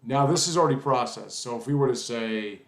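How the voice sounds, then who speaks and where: A man's voice: medium pitch, fairly quick, echoey room. A man teaching a casual coding lesson while typing, rambling, apologizing, and cursing at his own mistakes. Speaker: coding tutorial instructor.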